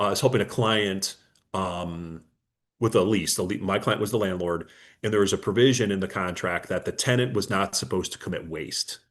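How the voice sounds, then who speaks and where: A man, an attorney, giving a conversational business webinar, telling client stories and acting out their dialogue with frequent fillers. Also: lowish voice. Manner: anecdotal, acts out client dialogue, many fillers.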